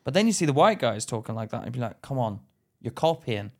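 A man's voice: medium pitch, very animated, fast, a little mellow. Blunt podcast man. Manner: argumentative, blunt, swears a lot. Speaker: podcast co-host. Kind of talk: casual banter.

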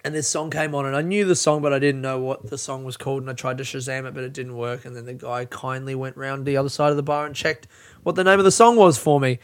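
With a clean, steady, medium-pitched voice and a quick pace, a stand-up comedian delivers a casual solo podcast monologue. He rambles, speaks bluntly, pokes fun at himself and curses regularly.

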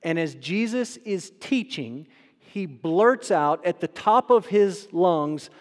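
Animated preacher man in a reverberant church. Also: high-pitched, slow. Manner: animated, acts out quoted voices with sudden loud outbursts. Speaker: pastor. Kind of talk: sermon. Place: church worship center.

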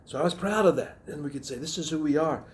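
A middle-aged man with a Southern American accent, preaching a sermon in an earnest, reflective way, often restarting phrases and clearing his throat. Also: on the high side, fast.

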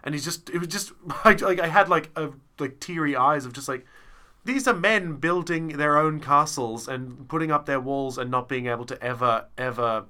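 Man, podcast co-host, very bright tone, casual rambling chat, lots of fillers. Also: on the high side, normal speed, clear, resonant tone. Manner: rambling, self-interrupting with many fillers. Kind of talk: casual chat reviewing a show.

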